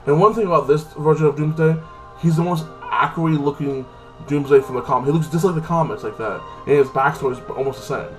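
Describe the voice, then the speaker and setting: A man gives a casual, rambling recap of a TV episode, leaning heavily on "like this" and "like that" and swearing offhand. He talks fast in a fairly high pitch, recorded from a distance with soft background music and poor audio.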